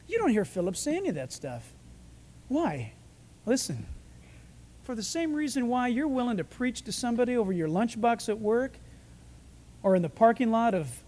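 A man preaching a sermon, animated, acting out voices and shouting for emphasis. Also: extremely high pitch. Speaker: pastor. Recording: reverberant hall.

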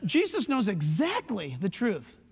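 A middle-aged man preaching a sermon as pastor, emphatic, with quick asides to the congregation. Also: high-pitched, huge pitch swings, creaky, slightly rough. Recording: long hall reverb.

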